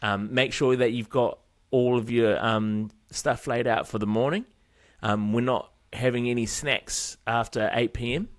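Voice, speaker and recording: A man voicing a stern male rugby coach who lectures a player in a slow, schoolmasterly way. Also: mid-range voice, steady tone, no room sound, clean studio sound, close to an everyday voice. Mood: stern scolding.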